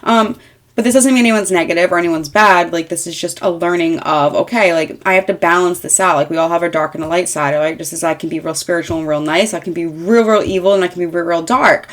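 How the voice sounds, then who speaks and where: A woman's voice: fairly low pitch, fairly even intonation, fast. A woman in her thirties giving a casual tarot reading, rambling and frank, with lots of fillers and mild swearing. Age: 30s. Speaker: tarot reader.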